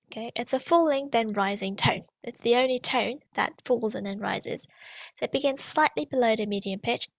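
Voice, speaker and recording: A woman's voice: on the high side, creaky, a bit bright, no room sound. A woman teaching a pronunciation lesson, patiently demonstrating tones with sung syllables and checking in with frequent "okay"s. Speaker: language teacher.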